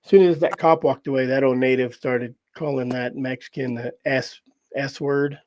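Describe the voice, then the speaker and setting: This podcast host, medium-pitched and speaking at a normal pace, shares a story in casual conversation. He keeps it animated, breaks into laughter often, and mimics the voices of the people he quotes.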